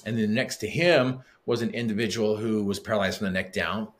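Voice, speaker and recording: Speaking a little fast with a fairly low pitch, this middle-aged podcast guest shares a story from his life in a chatty way. He brings it to life by performing the dialogue he quotes.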